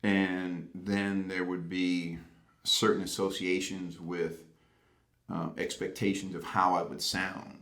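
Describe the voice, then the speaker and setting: Man, deep gravelly voice, wry interviewee. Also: flat delivery, slow pace, fairly bright tone. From Boston, USA. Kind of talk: reflective interview talk.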